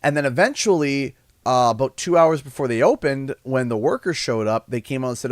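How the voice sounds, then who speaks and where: A man rambling through stories on a livestream, his pitch bouncing up and down as he gets animated. His voice sits a touch high for a man and sounds close and dry, and he keeps breaking into laughter at his own jokes. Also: fast talker, hardly any pauses, dry recording. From Canada. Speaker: streamer. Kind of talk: casual livestream chat.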